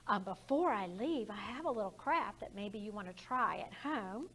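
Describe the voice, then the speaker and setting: A woman's voice: mid-range voice, expressive, normal speed, a bit bright, slightly rough. A woman who works as a children's librarian, leading storytime and talking to small children in a sing-song, encouraging way.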